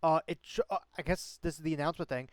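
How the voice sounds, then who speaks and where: A man's voice: on the high side, quick pace, dry recording. A man hosting a casual stream chat as game master, rambling with many fillers and restarts.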